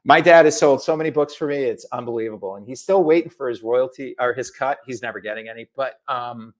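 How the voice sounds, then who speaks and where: A middle-aged man from Massachusetts, an author chatting in an interview, animated and full of asides. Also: mid-range voice, fast talker. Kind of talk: casual video interview.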